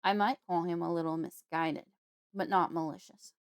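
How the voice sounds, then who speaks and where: A calm, wise uncle who speaks softly and steadily, read by a woman. His manner is soothing and protective, with measured phrasing. The recording is dry and close-miked. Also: on the low side, clean tone, no room sound, natural voice.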